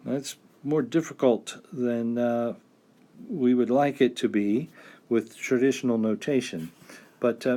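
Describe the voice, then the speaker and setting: A man teaching music theory, explaining at an easy pace with many pauses and fillers, now and then singing and counting out rhythms. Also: medium pitch, dark tone. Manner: hesitant, many "uh" fillers, sings and taps out rhythms. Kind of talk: relaxed classroom explanation.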